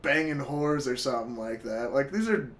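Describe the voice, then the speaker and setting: A man's voice: mid-range voice, lively intonation, moderate pace, a crowd in the background. A man hosting a podcast in casual chat, laughing a lot and swearing casually. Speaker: podcast host.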